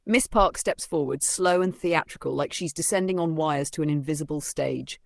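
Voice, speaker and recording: A man's voice: a little high, normal speed, gravelly, no echo. A man narrating a first-person novel in a dry, sardonic storytelling manner. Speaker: audiobook narrator.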